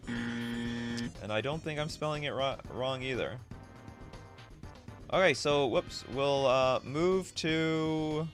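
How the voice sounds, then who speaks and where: A man's voice: mid-range voice, slow pace, long pauses, over music. A man streaming live, reading viewer requests in casual, self-mocking chat, laughing often.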